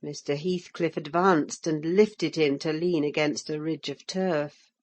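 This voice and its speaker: A woman narrating an audiobook in the first person, measured and unhurried. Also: deep voice, steady tone, darkish tone.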